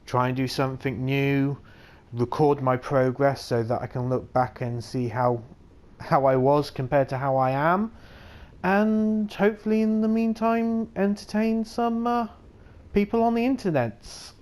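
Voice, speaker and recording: A man's voice: mid-range voice, fairly even intonation, measured pace, darkish tone. A man giving casual gameplay commentary in a hesitant, self-deprecating way with many fillers. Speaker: let's play gamer.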